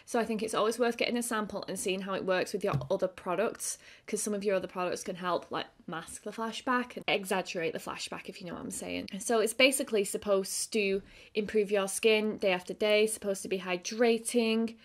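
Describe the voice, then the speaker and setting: A woman's voice: medium pitch, fairly even intonation, fairly quick. A young woman vlogging a casual makeup review, chatty and full of fillers. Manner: chatty, filler-heavy with frequent "like"; quieter and tired while applying makeup. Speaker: beauty vlogger.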